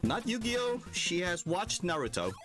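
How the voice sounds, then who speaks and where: A man's voice: high-pitched, sing-song, unhurried. A male game streamer giving casual, rambling commentary over his playthrough and laughing often. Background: game music.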